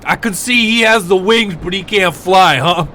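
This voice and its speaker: A man's voice: high voice, moderate pace, pushed and bright, a little hiss or hum, voice pushed up. A man voicing a friendly, slangy male griffin mount in a tabletop game. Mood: chummy. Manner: slangy, calls people boss.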